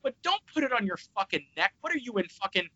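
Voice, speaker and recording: Bright-voiced man ranting on a podcast. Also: sits high, fast talker. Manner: animated, profane ranting. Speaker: podcast host. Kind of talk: casual podcast chat. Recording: slightly dull lo-fi sound.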